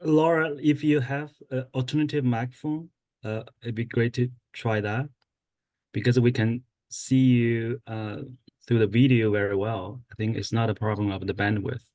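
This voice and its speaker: A man's voice: mid-range voice, fairly even intonation, moderate pace, a little mellow, dry recording. A man co-hosting an online class, offering brief, practical help with some hesitation. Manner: brief, helpful, slightly hesitant. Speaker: co-host. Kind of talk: casual meeting talk. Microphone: video call.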